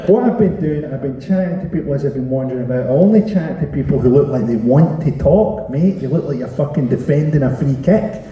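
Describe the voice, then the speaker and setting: A man's voice: medium pitch, fairly quick, hardly any pauses. A man doing a stand-up comedy set on stage, sweary and sardonic, teasing the crowd. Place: live comedy venue on stage. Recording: roomy, distant, lo-fi live recording with crowd noise. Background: audience laughter and chatter.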